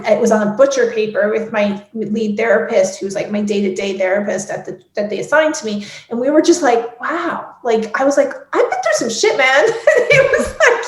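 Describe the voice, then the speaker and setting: A woman's voice: fairly high pitch, a little mellow. Candid woman guest with roomy echo. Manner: candid and emotional, lots of "like" fillers. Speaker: guest, head of production at an ad agency. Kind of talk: candid interview conversation.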